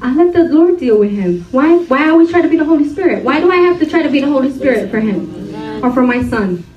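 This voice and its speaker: A women's ministry speaker with a high voice delivers a fast-paced sermon to a gathering of women in a church hall, with dull audio. She is lively, laughs a lot, and leads call-and-response with the crowd. The recording comes from a distant mic in a roomy hall, with the audience audible.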